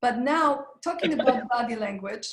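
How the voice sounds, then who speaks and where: An animated woman, a voice coach presenting a live online session, cheers her listeners on through breathing and vocal warm-ups at normal speed. Her voice sits fairly high, and noticeable room echo suggests a video call from a hard-walled room.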